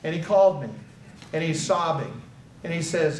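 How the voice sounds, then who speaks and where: Man telling a personal story at an event, raised pitch, recorded from a distance in an echoey hall. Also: moderate pace, darkish tone, a little hiss or hum. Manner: storytelling with acted dialogue. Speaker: guest speaker and author. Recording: echoey hall, far from the mic.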